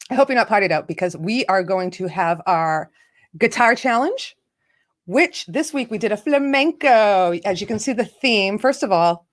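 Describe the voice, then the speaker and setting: Chatty woman hosting a livestream. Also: on the high side. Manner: chatty, greets viewers by name, laughs often. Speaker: livestream host. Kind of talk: casual live chat.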